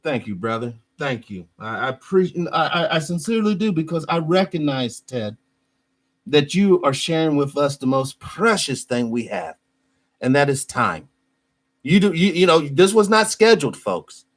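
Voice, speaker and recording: Young guy hosting, earnest sermon-ish delivery, a bit high pitched. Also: very animated, normal speed. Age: young adult. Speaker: host. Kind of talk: talk show hosting.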